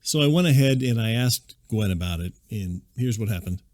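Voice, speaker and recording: A man in his thirties hosting a podcast, delivering a rambling, deadpan comedic monologue. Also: fairly low pitch, normal speed. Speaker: podcast host.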